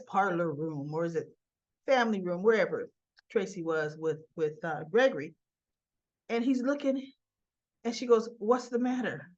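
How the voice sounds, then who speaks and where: Woman, casual soap opera recap, chatty, relays quotes with asides, mid pitch, slightly muffled lo-fi audio.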